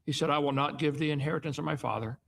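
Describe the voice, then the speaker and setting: Gravelly man reading and explaining scripture. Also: on the high side, racing, fairly bright tone. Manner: folksy asides ending in "okay?". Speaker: Bible teacher.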